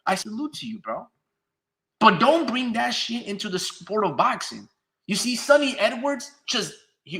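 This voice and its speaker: A man's voice: high-pitched, pushed and bright. A man giving blunt, profane, ranting solo commentary on a channel he hosts. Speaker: boxing commentator.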